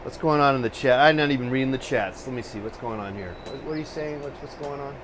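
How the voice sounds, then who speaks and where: A man's voice: mid-range voice, quick pace, noisy background. A man hosting a live painting stream, chatting casually and ranting profanely about technology in exasperation.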